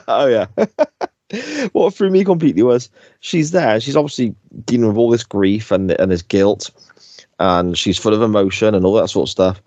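A man co-hosting a podcast, talking in a relaxed, conversational way and laughing easily. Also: on the low side, moderate pace, no room sound. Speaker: podcast co-host. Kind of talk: casual chat reviewing a TV episode. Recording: dry, slightly dull sound.

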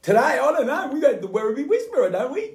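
A man's voice: extremely high pitch, big pitch swings, a little mellow. A man co-hosting a casual show, teasing and jumping in often. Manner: teasing, quick interjections. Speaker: co-host. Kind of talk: casual chat. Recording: roomy echo.

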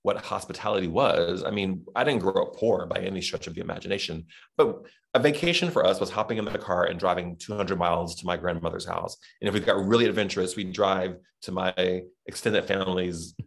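A man's voice: low-pitched, brisk, creaky, hardly any pauses. A middle-aged man from Texas with a Southern accent, chatting reflectively as an interview guest with many fillers. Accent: Southern American. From Texas, USA. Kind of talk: casual interview chat.

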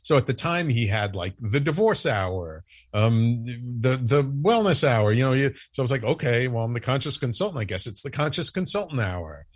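A man telling a story in a casual interview, acting out the quoted lines with lively, animated delivery. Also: medium pitch, moderate pace, hardly any pauses, no room sound. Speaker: podcast network founder, guest.

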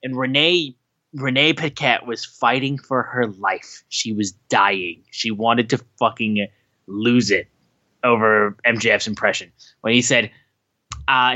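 A man co-hosting a podcast in casual chat, animated and swearing freely as he recaps shows. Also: mid-range voice, unhurried, dry recording, highs cut off. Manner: animated, swearing, acts out quotes. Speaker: podcast co-host.

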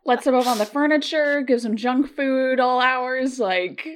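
A woman's voice: high voice, measured pace. A woman in her thirties co-hosting a podcast, casually ranting, swearing bluntly and laughing often. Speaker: podcast co-host. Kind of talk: casual chat.

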